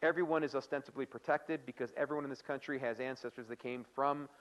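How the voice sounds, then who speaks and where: A man's voice: medium pitch, steady tone, fast, muffled recording. A man giving a live workplace training lecture, chatty and playful, often quizzing the audience with questions. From United States. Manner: playful, acts out quoted remarks.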